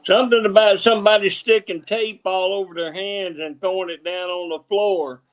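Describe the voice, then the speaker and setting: A man's voice: high voice, steady tone, moderate pace, poor audio. A cheerful man chatting with friends on a video call, laughing often. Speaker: guest woodworking YouTuber. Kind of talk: casual group video chat.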